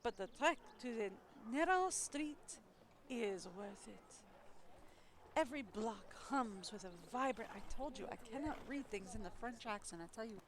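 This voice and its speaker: A woman's voice: on the high side, expressive, normal speed. A woman streamer reading a story game's narration aloud, breaking off for casual asides about her reading. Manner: reads narration aloud, then breaks off to chat. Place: home streaming setup.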